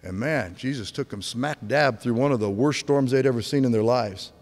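A man in his sixties preaching a sermon, telling stories with energy and dropping to a hush for emphasis. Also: mid-range voice, moderate pace. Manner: animated storytelling, swings from loud to hushed. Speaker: pastor. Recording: long hall reverb.

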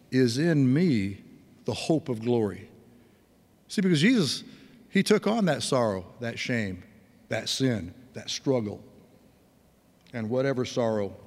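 A man's voice: mid-range voice, big-room sound. A man preaching a sermon in an earnest, conversational way, with folksy asides. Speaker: pastor.

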